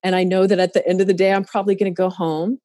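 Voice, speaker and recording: Mellow low-voiced woman, open and emotional. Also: little pitch movement, rapid-fire, no echo, clean studio sound. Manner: open, emotional, many fillers and restarts. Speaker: therapist. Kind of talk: casual podcast conversation.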